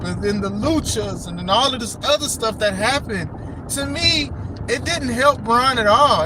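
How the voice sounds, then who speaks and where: A man with a very high voice talks wrestling in a casual, animated way, leaning hard on his points and repeating phrases for emphasis. Clear steady noise sits behind him throughout the recording. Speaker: podcast host.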